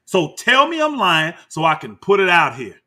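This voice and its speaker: With a high voice at normal speed, a man reacts to clips in heated, combative commentary. He calls people out by name, speaks directly to his viewers, and addresses them as y'all in an animated way.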